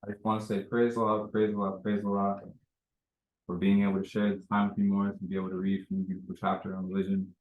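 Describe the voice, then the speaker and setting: A man with a fairly low voice reads scripture in a measured, solemn way at a temple meeting. His words ring out through an echoey room. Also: monotone, phone-quality sound. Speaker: temple member reading scripture. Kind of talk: scripture reading at a religious meeting.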